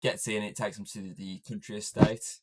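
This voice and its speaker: A man's voice: lowish voice, little pitch movement, normal speed. A man co-hosting a podcast, casually recapping a movie's plot, swearing freely and joking. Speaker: podcast co-host.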